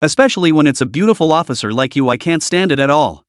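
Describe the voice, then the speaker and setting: A man's voice: a little high, animated, no echo, studio quality, close to an everyday voice. A man voicing a blunt, confident young male college student. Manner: blunt, deliberate.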